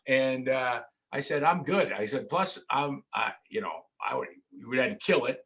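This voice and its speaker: A man tells stories with real animation, his voice bright and forward. He slips into the voices of the people in his anecdotes. He speaks from a home studio over a remote call. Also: medium pitch, moderate pace, few pauses. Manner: lively, acts out voices in anecdotes. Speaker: podcast guest, sports broadcaster. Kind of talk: animated storytelling in casual chat.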